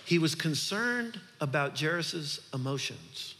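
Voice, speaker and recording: A man's voice: a little high, moderate pace, pushed and bright, big-room sound. A male pastor preaching a sermon in an earnest, conversational way, building to emphatic points.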